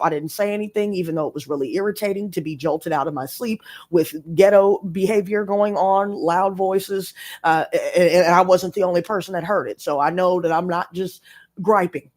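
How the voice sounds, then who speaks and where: A woman telling a story to her live-stream audience in casual chat, emphatic and profane as she rants. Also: fairly low pitch. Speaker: tarot reader live-streaming.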